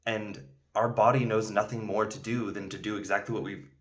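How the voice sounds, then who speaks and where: Chatty man, slightly low voice. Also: steady tone, brisk. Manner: rambling, with many fillers and restarts; acts out indignant outbursts in the story. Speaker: video host telling a story. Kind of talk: casual storytelling to camera.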